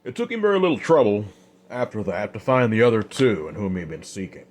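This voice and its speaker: Low-voiced man telling a Western tale. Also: very animated, quick pace, a little mellow. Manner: casual, unscripted with fillers. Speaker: storyteller. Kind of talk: spoken Western story narration.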